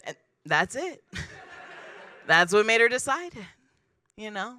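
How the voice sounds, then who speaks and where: A woman does stand-up at a comedy club with a deadpan, self-deprecating style, playing the characters from her stories. She speaks slowly at medium pitch.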